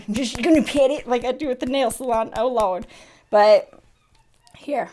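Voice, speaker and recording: A young woman in a casual makeup unboxing vlog, chatty and excitable, often gasping and laughing. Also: fairly high pitch, measured pace. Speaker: beauty vlogger.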